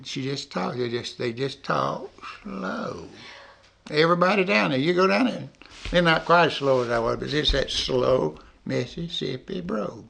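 A man's voice: a little high, animated, moderate pace, gravelly, a bit bright. An older man with a north Georgia Southern accent tells rambling, folksy stories in an oral history interview. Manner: rambling, folksy, laughs at his own stories.

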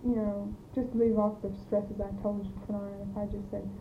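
A woman's voice: medium pitch, level tone, brisk. A woman prompting a speaker through example phrases, hesitant and full of restarts. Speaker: interviewer eliciting speech samples. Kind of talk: speech elicitation interview. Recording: tinny lo-fi tape with hiss.

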